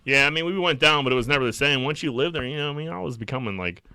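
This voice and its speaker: A man's voice: mid-range voice, very fast, a crowd in the background. A man co-hosting a podcast in casual crude chat, swearing often and laughing through his stories. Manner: swears a lot, animated, laughs while telling stories. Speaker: podcast co-host.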